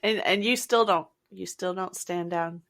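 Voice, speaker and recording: A woman hosting a podcast, reacting warmly to a story and then reading the show's outro and support plugs. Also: lowish voice, unhurried. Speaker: podcast host. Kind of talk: casual chat and show outro.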